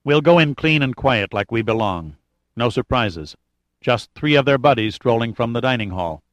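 A man reading an audiobook, voicing a confident male adventurer who leads a stealthy raid in a low murmur. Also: expressive, normal speed, no room sound, close to an everyday voice. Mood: calm.

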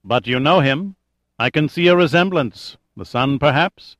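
A man voicing a silky, controlled male terrorist leader who makes quiet threats. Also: on the high side, a little slow, no room sound, pitched above the performer's own voice. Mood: smooth probing.

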